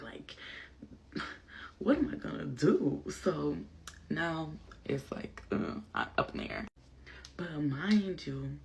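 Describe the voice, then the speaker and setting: Gravelly woman telling a profane storytime. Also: deep voice. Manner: animated, profane, full of fillers. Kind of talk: casual storytime while getting ready.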